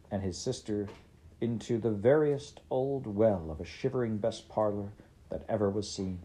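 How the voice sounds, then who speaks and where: A woman reading a classic story aloud, steady and expressive. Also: rumbling low. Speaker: audiobook reader. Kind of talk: scripted narration.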